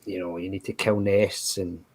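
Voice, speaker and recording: A man with a husky, low voice, chatting loosely on a podcast. He rambles through his points, stacking "you know" and restarting sentences. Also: flat delivery, normal speed, darkish tone, rough recording. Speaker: podcast panelist. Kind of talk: casual podcast chat.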